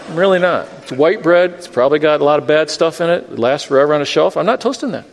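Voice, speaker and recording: A preacher voicing a snobbish toaster that sniffily refuses plain bread. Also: male voice, on the high side, lively intonation, quick pace, in a large hall. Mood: sniffy. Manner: sniffy, faltering complaints. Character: snobbish male toaster, picky and unimpressed.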